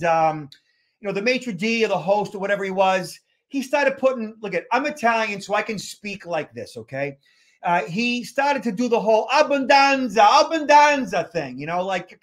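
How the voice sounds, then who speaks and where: Chatty male podcast host from Boston, high voice, rambling anecdotal delivery. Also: a bit bright. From Boston area, USA. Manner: chatty, many fillers and restarts. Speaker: podcast host, security expert. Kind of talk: casual podcast storytelling.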